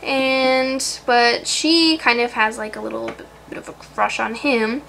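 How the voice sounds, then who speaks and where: A woman novelist casually chatting about her book, scatterbrained, with lots of fillers and throat clearing. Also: fairly high pitch, fairly even intonation, unhurried, pushed and bright, slight background noise, poor audio.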